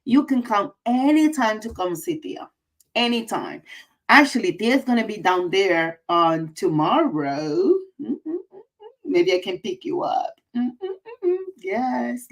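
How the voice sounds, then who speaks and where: A woman's voice: medium pitch, lively intonation, a little slow, poor audio. A woman hosting a casual livestream, effusive and emotional, repeating her greetings. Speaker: livestream host.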